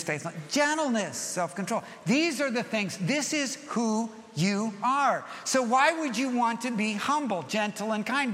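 Bright-voiced middle-aged male pastor. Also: high voice, big-room sound. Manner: animated storytelling, swinging from soft to loud. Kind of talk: sermon.

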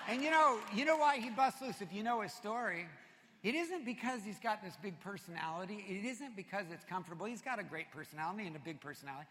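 A man preaches a sermon in a high, bright, ringing voice. He swings from energetic shouts down to quiet, hushed passages. The sound carries a long reverb from a large church hall. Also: fast, a little hiss or hum. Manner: energetic, shouting at peaks, drops soft and low for confession. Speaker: pastor.

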